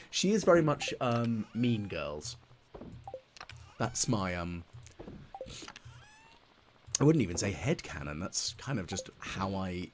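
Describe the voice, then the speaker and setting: A man's voice: low voice, noisy background. A man in his late thirties rambling over a farming game, musing and mocking himself with lots of ums. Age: late 30s. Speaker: gaming channel host. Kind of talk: casual let's play commentary.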